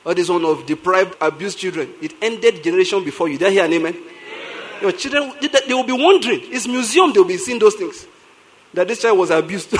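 A middle-aged Nigerian man with a Nigerian English accent, a pastor preaching a sermon in an animated storytelling way, repeating lines for emphasis. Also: sits high, slight background noise, poor audio.

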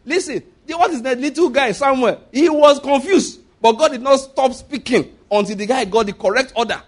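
Man, Nigerian accent, high-pitched, preaching a sermon, animated, rhetorical, chuckles a lot. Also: moderate pace.

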